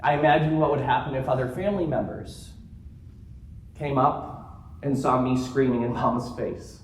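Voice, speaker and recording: A man giving a keynote talk to a live audience, telling stories in an animated way and joking along the way. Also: medium pitch, normal speed, a little hiss or hum. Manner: animated storytelling with jokes. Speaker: keynote speaker. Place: conference room. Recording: roomy conference room sound.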